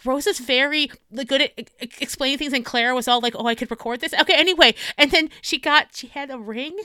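A woman's voice: high-pitched, quick pace, sharp tone, dry recording, studio quality. A woman playing her character in a tabletop game, stammering and rambling in a flustered way. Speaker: player voicing Zelda. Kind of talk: in-character tabletop role-play.

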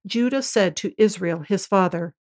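A woman reading a scripture passage aloud in a solemn, measured way. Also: medium pitch, darkish tone. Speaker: scripture reader. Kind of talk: scripted narration.

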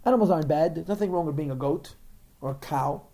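A man's voice: a little high, fast talker, mellow. A man teaching a religious text, explaining in a digressive way with frequent repeated words. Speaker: Torah teacher.

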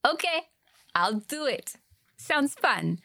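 A woman playing a sarcastic skeptic, broken English, unhurried delivery, bouncy pitch. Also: big pitch swings, vocal fry, sharp tone, full character voice. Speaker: comedy sketch character. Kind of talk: comedic sketch acting.

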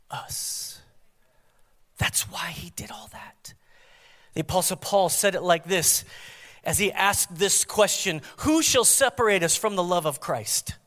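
Male pastor, dynamic sermon delivery, loud to hushed, high-pitched voice. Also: big-room sound.

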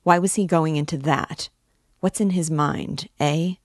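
A woman's voice: low-pitched, steady tone, a little slow, no echo, clean studio sound. A woman voicing a pushy male bystander making insistent, abrupt interjections.

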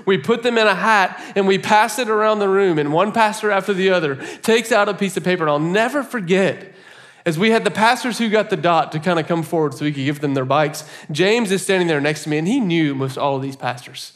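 Higher-voiced man preaching a sermon. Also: brisk. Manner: animated storytelling, often laughing. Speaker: pastor.

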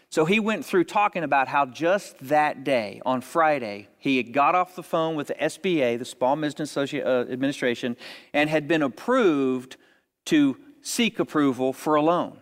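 Man, preacher, sermon storytelling, conversational then emphatic, fairly high voice, long hall reverb. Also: fairly quick. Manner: conversational, rising to emphatic exhortation.

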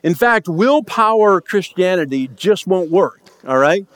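Guy preaching a sermon, kinda high voice, acts out the quotes, super dry close mic. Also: lively intonation, unhurried, fairly bright tone, dry recording. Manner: storytelling, acts out quoted lines in raised voice. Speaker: pastor.

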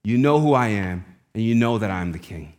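A man preaching a sermon, telling a family story in a casual, conversational way and dropping his voice low and quiet when quoting people. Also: expressive, moderate pace. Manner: conversational, casual slang, voice drops low and quiet for quoted lines. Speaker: pastor.

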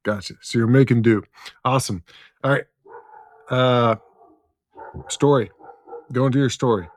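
A man hosting a casual interview, unhurried and reading out shared memories with frequent ums. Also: medium pitch, no room sound, studio quality. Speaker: podcast host.

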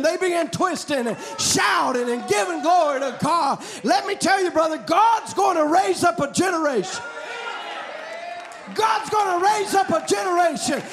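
A man preaching a fiery revival sermon, shouting in a chanting cadence. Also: very high-pitched.

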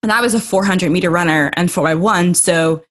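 A woman's voice: lowish voice, a little fast. A young adult woman, a masters swimmer guest, telling a story in a casual interview and acting out the quotes. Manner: animated storyteller, acts out quotes.

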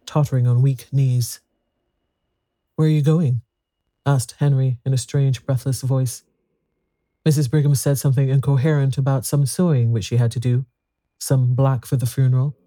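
A man reading a story aloud in a measured, even storytelling manner. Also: mid-range voice, no echo. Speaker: narrator. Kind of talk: audiobook narration.

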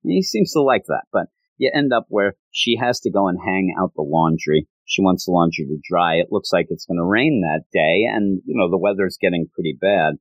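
A man with a fairly low voice casually retells a cartoon episode, rambling and chuckling as he goes. The sound is dry and close, with no room around it. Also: moderate pace, no room sound, dull audio. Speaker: anime recapper.

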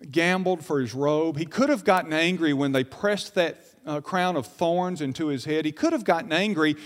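A middle-aged male pastor preaching a sermon, rising to emphatic peaks, dropping to hushed lows, and putting rhetorical questions to the congregation. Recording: reverberant church hall.

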